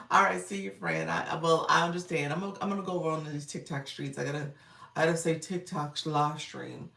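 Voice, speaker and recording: A woman's voice: low voice, fairly even intonation, moderate pace, vocal fry, fairly bright tone, distant mic. A woman streaming live as a coach, chatting casually, greeting viewers by name and laughing often. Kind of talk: casual livestream chat with viewers. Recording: echoey room, voice a bit off mic.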